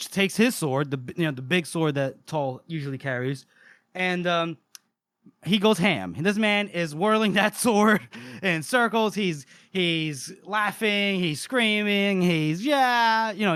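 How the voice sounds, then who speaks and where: Animated man retelling a story. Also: a little high, dry recording. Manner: animated retelling, acts out the characters' lines. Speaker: podcast co-host. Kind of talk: casual chat recapping a book.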